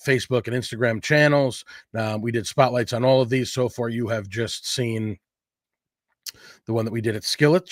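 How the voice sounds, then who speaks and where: A man's voice: medium pitch, no echo, studio quality. Chatty upbeat man hosting a food livestream. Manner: chatty and upbeat, rambling with fillers. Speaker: host of a local food show. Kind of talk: casual livestream announcement. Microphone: livestream setup.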